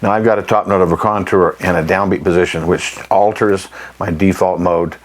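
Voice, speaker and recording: Deep-voiced man teaching jazz phrasing. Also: fairly even intonation, moderate pace, low-quality recording. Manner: plain-spoken, emphatic, often clears his throat, scats rhythms. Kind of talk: instructional demonstration.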